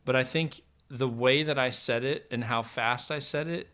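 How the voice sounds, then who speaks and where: A middle-aged man with a smooth, resonant voice talks through a story in a loose, meandering way. His pitch sits in an ordinary middle range. He spins anecdotes casually, with lots of fillers, as a guest on a podcast. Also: normal speed. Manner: relaxed, rambling anecdotes with many fillers. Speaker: podcast guest, former pro archer.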